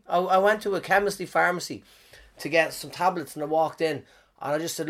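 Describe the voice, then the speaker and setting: A man's voice: a little high, brisk, fairly bright tone. A man in his thirties, a comedian with a head cold, telling a rambling comic monologue with lots of swearing and lost threads.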